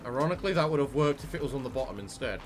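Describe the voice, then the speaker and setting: A man giving casual, jokey commentary while playing a video game, excitable and quick to swear. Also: mid-range voice, noisy background. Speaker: let's play host. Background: game music.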